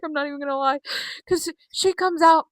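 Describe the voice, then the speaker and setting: A young woman recapping wrestling shows in a casual, chatty vlog, swearing often and filling pauses with ums. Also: high voice, fairly even intonation, dry recording. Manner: chatty and profane, with frequent fillers. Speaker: wrestling vlogger.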